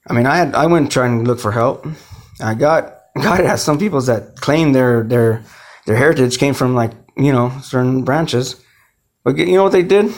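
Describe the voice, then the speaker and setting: A man giving a rambling, emotional personal monologue, swearing often and restarting his sentences. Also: medium pitch. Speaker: speaker telling his own story.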